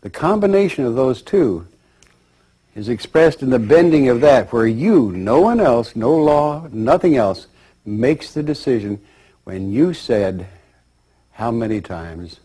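Male lecturer, warm husky tone, lively pitch, unhurried storytelling. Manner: measured, rambling storytelling. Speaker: speaker. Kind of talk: spiritual lecture.

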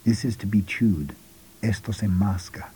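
A quiet, insistent older mentor, as a man puts him on in a whispered role-play. The voice is low, dark and husky, and it urges softly and without hurry. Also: normal speed. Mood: hushed. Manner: soft, hushed urging.

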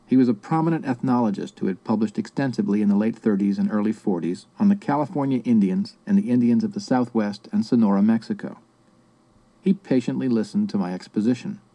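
A man giving a measured, reflective first-person audiobook narration. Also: on the low side, dark tone.

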